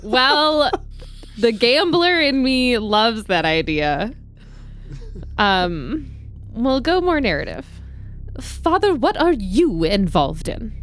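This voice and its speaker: Brief: a measured, slow-speaking woman roleplaying her character. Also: on the high side, sing-song, a bit bright. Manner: slow, thoughtful, laughs often. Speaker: player. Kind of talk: playing a character in a tabletop game.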